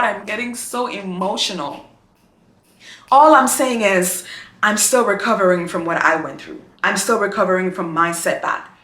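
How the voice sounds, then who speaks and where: Speaking to camera, a woman vlogger shares a heartfelt, emotional, and encouraging talk about faith, calling her viewers "girl" and using a repetitive, preacher-like rhythm. Her voice is slightly high, bright, and forceful, and the sound is reverberant.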